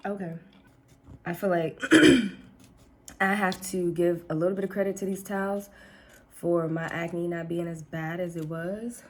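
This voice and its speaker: This get-ready-with-me vlogger talks unhurriedly in a fairly low voice, laughing a lot and addressing viewers as "girl" as she moves from the kitchen to upstairs at home. There's slight background noise.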